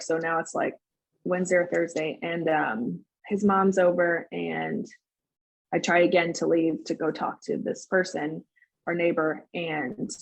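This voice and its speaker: A woman's voice: on the low side, rough recording. A young woman, a podcast guest, telling a personal story in earnest, rambling conversation and acting out the lines people said.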